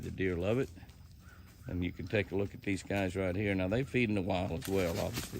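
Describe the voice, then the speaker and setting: An older man with a low, gravelly voice talks folksy and easy, chatting to his animals and his viewers alike. He is recorded outdoors in the woods, with a faint hiss of open air behind him. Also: a little fast. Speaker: ranch owner and outdoor show host. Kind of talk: casual outdoor vlog narration.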